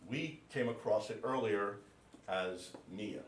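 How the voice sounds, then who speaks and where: A priest giving a classroom lecture, speaking slowly and deliberately and spelling out names letter by letter for his class. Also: on the low side, a little hiss or hum. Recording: echoey room, mic at a distance.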